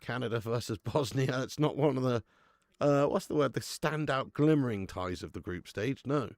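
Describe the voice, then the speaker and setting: Male streamer, gravelly and dry-sounding; laddish live chat host who reads out viewers' names. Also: medium pitch, normal speed, a little mellow, no echo. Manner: chatty and laddish, reading out viewer names, laughs often. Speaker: watch-along host.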